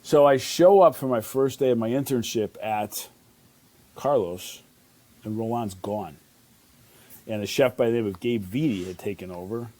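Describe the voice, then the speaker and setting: A man's voice: medium pitch, moderate pace, darkish tone. A man, a chef telling stories in an interview, rambling with fillers and restarts. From Chicago. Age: 50s. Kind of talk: casual interview storytelling.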